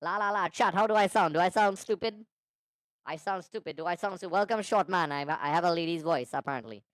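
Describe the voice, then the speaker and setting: A man's voice: sits high, a little fast, a bit bright, clear, resonant tone, no room sound, pitched above the performer's own voice. Fake lady voice, guy on a voice changer, playful and goofy, dry close sound. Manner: playful, self-mocking. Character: pitched-up female voice.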